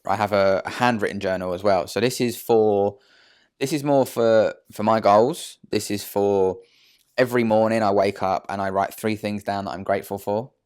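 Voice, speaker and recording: A man talks casually to camera from his sofa at home. His voice sits low, and he speaks bluntly and chattily, with plenty of slang and "um"s. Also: fairly even intonation, normal speed, darkish tone, clear, resonant tone. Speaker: trader vlogger. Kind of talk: casual motivational talk to camera.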